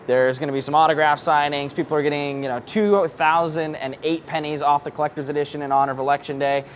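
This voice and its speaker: A man's voice: fairly high pitch, fairly even intonation, fast, slight background noise. A man with a slightly raised voice hosts a casual podcast, cheerfully running through one item after the next. He is recorded indoors at a busy launch event, with a faint murmur of crowd underneath. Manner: chatty, rattles off lists of features. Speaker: podcast host. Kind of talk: casual promotional chat.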